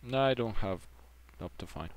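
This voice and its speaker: A man's voice: lowish voice, lively intonation, moderate pace, rough recording. A man gaming with a friend, giving short replies and laughing often. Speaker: co-player. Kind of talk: casual gameplay chat.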